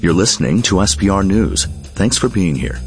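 Deep-voiced male station announcer. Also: lively intonation, moderate pace, faint music behind. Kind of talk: radio station promo.

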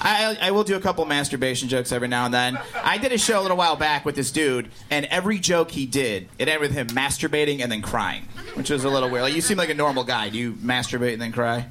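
A man's voice: medium pitch, lively intonation, quick pace, few pauses. A man doing a stand-up set, telling loose, self-mocking stories in a live club. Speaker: stand-up comedian. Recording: live club mic with background noise.

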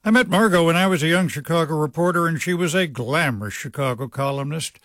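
A man's voice: a little high, quick pace, a bit bright, dry recording. A male radio news host reading a scripted essay with wry, affectionate storytelling. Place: dry radio studio. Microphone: studio microphone.

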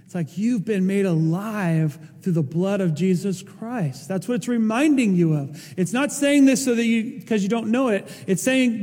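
A man preaching a sermon as pastor, speaking with impassioned emphasis that climbs to forceful peaks. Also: high-pitched, expressive, moderate pace, in a large hall.

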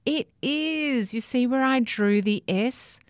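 Woman doing a high little girl. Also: slow pace, no room sound, clean studio sound. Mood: fond. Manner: bright and high. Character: little girl, loving and determined.

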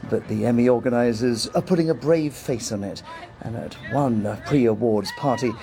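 A man narrating a news report as a correspondent, in a measured delivery. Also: medium pitch.

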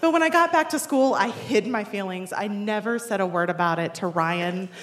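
A woman's voice: medium pitch, normal speed. A woman in her forties telling a personal story to an audience in a wry, self-deprecating way, often laughing as she talks. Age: 40s. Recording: roomy echo.

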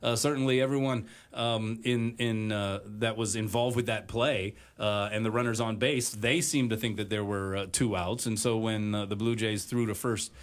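On a sports talk radio show, a man hosts in a relaxed, conversational way with a fairly low voice. He pauses frequently, filling the gaps with lots of hesitant uhs and ums.

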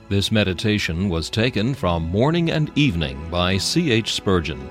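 A man reading a scripted devotional meditation in a solemn, measured, preacherly way. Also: sits low, big pitch swings, no echo. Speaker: devotional reader.

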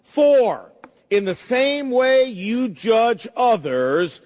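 A middle-aged man preaching a sermon, emphatic, slowing down to quote verses. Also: very high-pitched, lively intonation, a little mellow, long reverb tail. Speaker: pastor.

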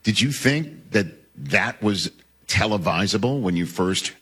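A man hosting a sports radio talk show, taking calls and pushing back in a conversational way with quick restarts. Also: fairly low pitch, lively intonation, a bit bright, husky, no echo.

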